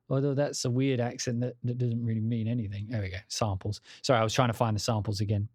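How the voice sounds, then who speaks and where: A man's voice: mid-range voice, fairly even intonation, normal speed, no echo. A man chatting casually on a live stream from his home studio, muttering to himself and swearing at himself in a self-deprecating way.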